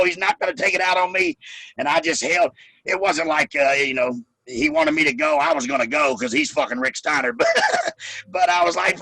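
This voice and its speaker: A man, a former pro wrestler, telling profane, animated stories as an interview guest, often breaking into laughter. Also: a little high, vocal fry, no echo. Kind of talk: casual storytelling interview.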